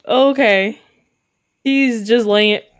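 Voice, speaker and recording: A woman's voice: fairly high pitch, slow pace, slight background noise. A woman giving let's play commentary on a game, giggly, often breaking into laughter and exclaiming in disgust. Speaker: gaming video creator.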